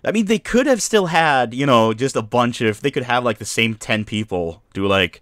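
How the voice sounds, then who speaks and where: A man's voice: medium pitch, animated, normal speed, hardly any pauses, fairly bright tone, no room sound, studio quality. A man streaming a video game, giving casual commentary with rambling, joking asides.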